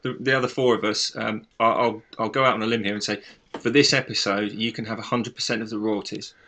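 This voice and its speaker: Man, podcast co-host, rambling chatty delivery, bright tone. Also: on the low side, little pitch movement, fast. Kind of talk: casual podcast chat.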